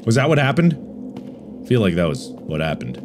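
A man in his thirties playing a horror game on video, swinging between panicked yelling and dry jokey asides. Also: on the low side, huge pitch swings, moderate pace, background noise. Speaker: gaming video host.

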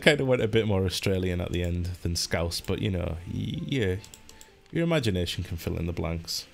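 Deep-voiced man chatting through a game. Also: brisk, vocal fry, soft background music. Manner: chatty, joking, reads chat aloud; playful pitch jumps, hums and sings to himself. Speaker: let's play host. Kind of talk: live-streamed gameplay commentary.

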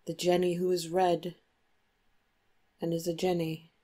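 A woman's voice: on the low side, monotone, a little slow, mellow, slight background noise. A woman hosting a let's play, commenting casually on gameplay in a chatty, goofy, self-deprecating way.

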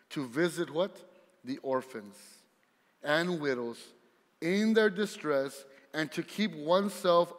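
A male pastor preaching a sermon in a lively, conversational way, talking straight to the congregation. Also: a little high, in a large hall.

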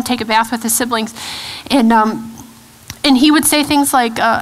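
Earnest woman giving a halting testimony. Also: a little high, fairly bright tone, poor audio. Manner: earnest, halting, with frequent restarts and fillers. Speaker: guest speaker. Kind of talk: personal testimony talk. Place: church event hall.

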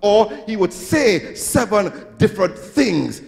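This Trinidadian pastor's high voice swings widely in pitch as he preaches slowly, with vocal fry. He acts out quotes and rises in sing-song swells, his sermon echoing through the church hall.

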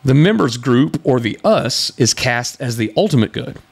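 A male podcast host talks back to a video he is critiquing. He sounds exasperated and sarcastic, and his pitch rises and falls widely as he makes his points. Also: animated, moderate pace, gravelly, breathy edge. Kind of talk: commentary responding to a video.

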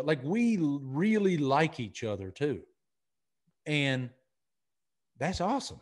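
A man's voice: a little high, takes it slowly, pauses often. Earnest man with a Southern accent. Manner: earnest, energetic, repeats himself. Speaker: podcast guest, sports broadcaster. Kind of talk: casual interview talk.

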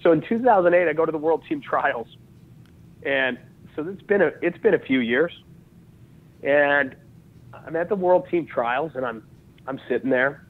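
A man's voice: fairly high pitch, normal speed, pauses often. A man in his thirties from Utah, a podcast guest telling stories in casual conversation, acting out dialogue and laughing often. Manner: lively storyteller who acts out dialogue and laughs often. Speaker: podcast guest, jiu-jitsu and wrestling coach. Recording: tinny phone-like line.

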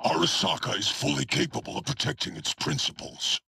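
An actor voices a hulking, brutal cyborg enforcer in a video game, barking threats with contempt in a harsh, gravelly, machine-like voice. The mid-range delivery is sing-song, a little fast, sharp, and heavily acted, with a cold, menacing mood on a dry recording.

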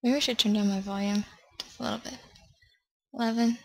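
A woman narrating her horror game play, jittery and swearing, often dropping to a hushed murmur as she counts steps. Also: a little high, steady tone, fairly quick. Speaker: let's play gamer.

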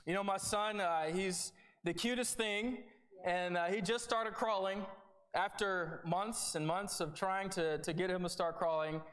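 A man's voice: high voice, steady tone, a little slow, a bit bright. A young man giving a conversational sermon, earnest and informal, often checking in with "right?". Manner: conversational, earnest, with repeated starts and "right?" asides. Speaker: preacher.

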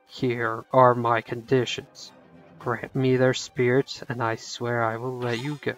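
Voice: little pitch movement, highs cut off, faint music behind, natural voice. A player voicing a menacing shadow god. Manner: slow, low and quietly threatening. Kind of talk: reading game dialogue aloud.

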